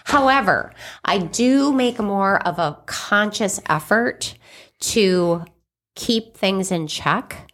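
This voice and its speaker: A woman co-hosting a podcast on relationships, telling stories in an animated, expressive way. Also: mid-range voice, takes it slowly. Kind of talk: casual podcast chat.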